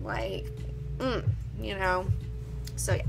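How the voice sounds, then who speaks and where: A young woman from Alabama, hosting a casual live stream, animated and profane, jumping from loud excitement to mumbled asides. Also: medium pitch, a little fast, over music, rough recording. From Alabama, United States. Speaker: host.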